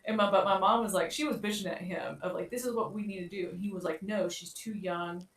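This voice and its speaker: A woman's voice: mid-range voice, fast, far from the mic. A woman co-hosting a podcast, telling a story in a chatty way with many fillers and quoted lines. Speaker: podcast co-host. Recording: echoey room, off-mic.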